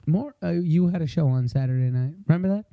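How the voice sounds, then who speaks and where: A man's voice: fairly high pitch, fast, vocal fry, no echo, phone-quality sound. A man co-hosting a podcast, telling profane stories in casual chat and laughing often. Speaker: podcast co-host.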